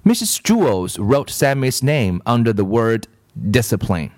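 A man reading a children's story aloud, slow and expressive. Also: medium pitch, no room sound, clean studio sound.

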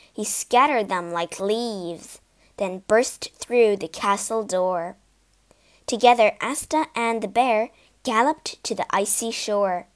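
A woman reading a fairy tale aloud as narrator, in a careful, expressive manner. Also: on the high side. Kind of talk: storybook read-aloud.

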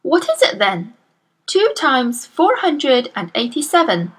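Brief: woman voicing a gentle young teacher, measured and warm-hearted, high voice with a breathy edge. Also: very animated, full character voice. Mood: encouraging. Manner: encouraging, measured. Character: kind young woman schoolteacher, gentle but astonished. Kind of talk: storybook reading.

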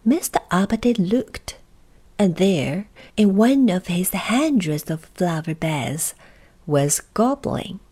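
A woman reads a children's storybook aloud, unhurried and full of dramatic pauses. Her voice rises and falls in a lively way, dropping now and then into breathy, hushed asides. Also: lowish voice. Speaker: narrator.

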